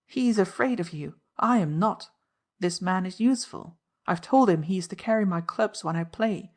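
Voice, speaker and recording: Woman reading a teasing fearless young woman, scornful, storybook voice, a bit raised in pitch. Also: animated, moderate pace, a little mellow.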